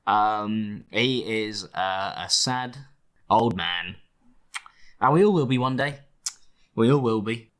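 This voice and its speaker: A man's voice: on the low side, takes it slowly, long pauses, a bit bright. A man hosting a reaction video, talking in a sarcastic, theatrical, mock-whiny way. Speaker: host. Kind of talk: reaction commentary.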